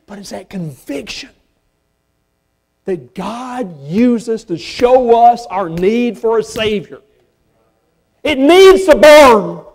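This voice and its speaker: A man with a Southern accent preaching a sermon as pastor, folksy and at times rising to impassioned shouts. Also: very high-pitched, animated, takes it slowly, pauses often. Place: church sanctuary.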